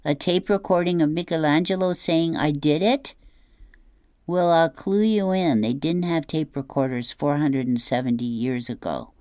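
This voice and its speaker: A woman's voice: low voice, normal speed, mellow, no room sound, studio quality, voice pushed up, lightly acted. A woman voicing a practical young boy with a matter-of-fact, teasing way of talking.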